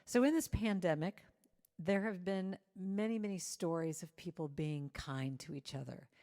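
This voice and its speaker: A woman's voice: fairly low pitch, moderate pace. Woman giving a playful sermon. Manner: warm, playful, inviting the audience to join in. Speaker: guest speaker. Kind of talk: inspirational sermon.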